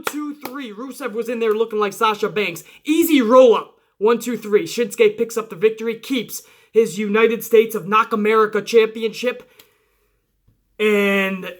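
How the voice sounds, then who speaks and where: Excited, cursing wrestling recap man. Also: high voice. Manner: animated, swears often, acts out quotes. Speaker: wrestling review host. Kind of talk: excited casual recap with profanity.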